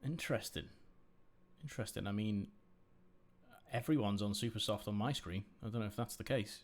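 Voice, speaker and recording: A man hosting a live stream and giving sim racing commentary, laid-back in chat and excited in the play-by-play. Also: lowish voice, normal speed, slight background noise. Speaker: race commentator and stream host.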